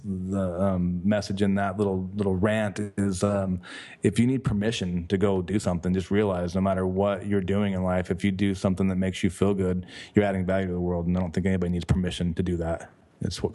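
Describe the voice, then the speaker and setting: Low, dark-voiced man rambling eagerly. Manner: rambling, enthusiastic, self-correcting. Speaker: guest author and life coach. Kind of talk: casual podcast interview.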